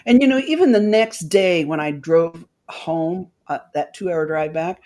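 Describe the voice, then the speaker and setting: A woman's voice: lowish voice, a little slow, dark tone. A woman guest on a talk show, telling an emotional personal story and acting out the voices of the people in it.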